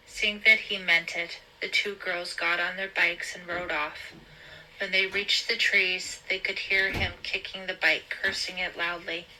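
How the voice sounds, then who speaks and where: A woman hosting a show, reading a thriller novel aloud in a slow, deliberate storybook style. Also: fairly low pitch, steady tone, pushed and bright, rough recording.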